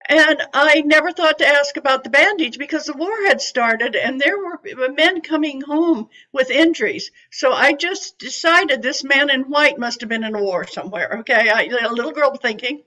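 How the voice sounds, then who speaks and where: Older woman, high voice, bright and forceful tone, chatty storyteller, psychic medium addressing an audience. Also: moderate pace, hardly any pauses, low-quality recording. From California, USA. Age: 80s.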